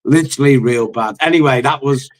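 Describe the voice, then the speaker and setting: A man's voice: medium pitch, a little fast. A man, a football fan on a live call-in panel, talking bluntly, swearing often and telling stories as he rants about his team. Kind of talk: heated fan call-in rant.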